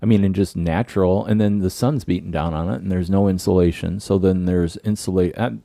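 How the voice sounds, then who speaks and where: A man co-hosting a podcast speaks in a low, mellow voice that sounds tired and scratchy. He rambles through casual chat and restarts his sentences often. The recording is close and dry. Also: fairly even intonation, fairly quick, gravelly, no echo. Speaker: podcast co-host.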